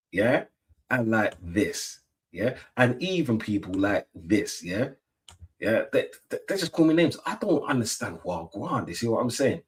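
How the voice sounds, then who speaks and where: A young British man hosts a football banter livestream from behind his webcam. His voice sits low, and he trades teasing jabs with his chat in a loose, casual flow. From Britain. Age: young adult. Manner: playful trash talk, lots of "yeah?" tags. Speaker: livestream host. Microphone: webcam mic.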